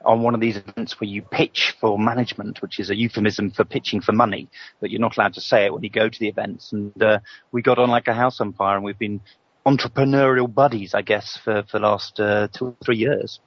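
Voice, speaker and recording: Lowish male guest, relaxed and jokey, dry dull recording. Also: a little fast, no echo. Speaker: guest, former headmaster. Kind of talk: casual interview chat.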